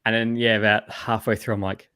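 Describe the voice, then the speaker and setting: A man's voice: on the low side, level tone, a little fast, sharp tone, clear, resonant tone, no room sound, clean studio sound. A man hosting a podcast, chatting casually over a video call in a rambling, ranty way, with some swearing. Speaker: podcast host. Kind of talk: casual chat.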